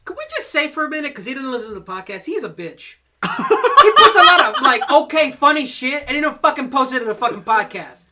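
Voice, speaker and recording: A man's voice: very high-pitched, big pitch swings, fast talker, very noisy. A man co-hosting a podcast, telling long, rambling, profane stories in casual chat. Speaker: podcast co-host.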